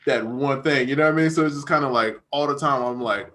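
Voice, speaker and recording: Young male producer, bright tense voice, relaxed slangy podcast talk. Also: mid-range voice, fast, few pauses. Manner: relaxed slangy, says dog and bro. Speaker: music producer, podcast co-host. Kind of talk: casual chat.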